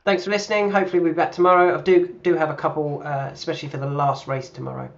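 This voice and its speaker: A man talking through horse racing tips in a relaxed, chatty way, thinking aloud with plenty of ums and uhs. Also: fairly high pitch, very fast, gravelly, highs cut off. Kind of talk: casual racing analysis.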